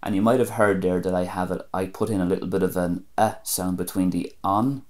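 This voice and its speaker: A man giving a spoken language lesson, measured and careful, repeating each example word slowly. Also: deep voice, steady tone, darkish tone. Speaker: language teacher.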